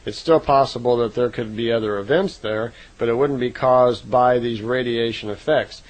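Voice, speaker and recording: A man's voice: medium pitch, low-quality recording. Man casually retelling a story with fillers. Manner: unhurried, conversational, frequent "uh" fillers and self-corrections. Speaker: narrator recounting contact reports.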